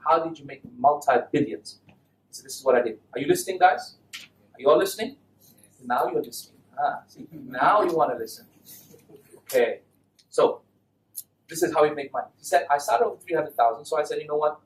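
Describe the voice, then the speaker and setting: A man giving a lively talk to an audience, often asking the listeners questions. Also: on the high side. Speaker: Islamic speaker giving a talk. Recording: echoey hall, mic at a distance.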